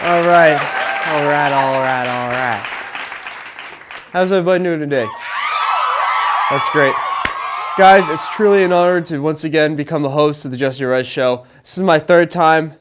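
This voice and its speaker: A man's voice: on the high side, normal speed, pauses often, a loud crowd, heavy background noise. A young man in college, hosting a live show with a rambling, jokey monologue, laughing through his lines. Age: young adult. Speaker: host. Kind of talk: stand-up style monologue to a live audience. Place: live show before an audience.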